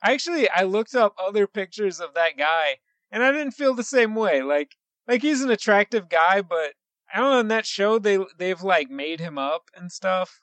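A man's voice: high-pitched, lively intonation, moderate pace, a bit bright, no room sound. A man co-hosting a podcast in casual chat, joking and rambling with frequent restarts. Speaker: podcast co-host.

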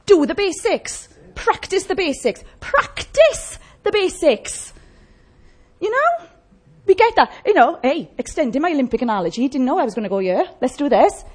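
A woman's voice: high-pitched, very animated, a little fast. A woman preaching a sermon in a conversational way, often asking the congregation questions.

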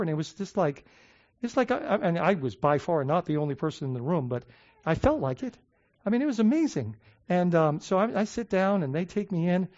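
A man preaching a sermon in a loose, conversational way, with lots of fillers and restarts, who slows down to stress his points. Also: fairly high pitch, darkish tone. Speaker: pastor. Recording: dull lo-fi sound.

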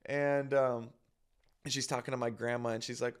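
A man's voice: mid-range voice, little pitch movement, a little fast, clean tone. A young man telling a personal story in a rambling, self-conscious way, full of fillers and little acted quotes. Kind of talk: casual storytelling.

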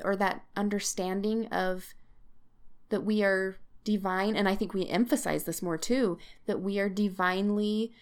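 A woman's voice: mid-range voice, clean tone. A woman co-hosting a scripture study podcast, thinking aloud in a thoughtful, hedging way. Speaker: podcast co-host. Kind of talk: conversational scripture discussion.

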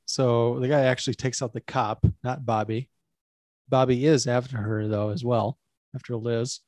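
A man's voice: mid-range voice, steady tone, normal speed, darkish tone, no room sound. A man co-hosting a podcast, recapping a movie plot with wry jokes and frequent chuckles. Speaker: podcast co-host. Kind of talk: casual movie breakdown chat.

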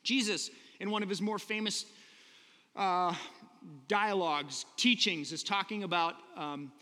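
Bright-voiced man preaching in a hall. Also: high voice, unhurried. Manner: conversational, earnest, asks rhetorical questions. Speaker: pastor. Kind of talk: sermon.

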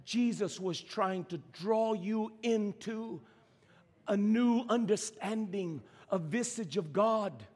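A man preaching a sermon as pastor, swinging from shouting to near whisper. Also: high-pitched, slow, long reverb tail.

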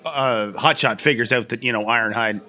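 Bright-voiced man with dry asides. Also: medium pitch, brisk. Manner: dry, wry asides while summarizing plot. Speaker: podcast co-host. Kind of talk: casual chat recapping a cartoon episode.

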